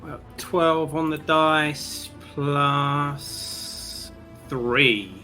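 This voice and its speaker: A man playing a tabletop game, asking measured questions. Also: fairly high pitch, steady tone, bright, forceful tone, faint music behind. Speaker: player.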